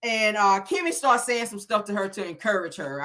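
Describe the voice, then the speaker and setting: A woman's voice: medium pitch, lively intonation, moderate pace, a bit bright, a little hiss or hum. A woman recapping a reality show in casual commentary, sassy and blunt, cussing freely.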